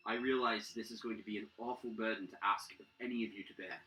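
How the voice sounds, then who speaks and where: A man's voice: fairly even intonation, reverberant, rough recording. A man voicing a grave, formal male town governor who asks heroes for help in a tabletop game. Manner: solemn, measured, lower and softer.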